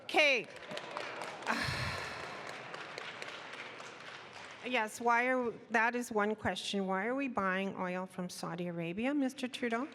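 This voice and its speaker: A woman's voice: fairly high pitch, moderate pace, few pauses, crowd noise, background noise. A woman in a town hall audience asking questions in an accusatory, exasperated way, with sighs. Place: large university hall. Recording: long echo of a big hall.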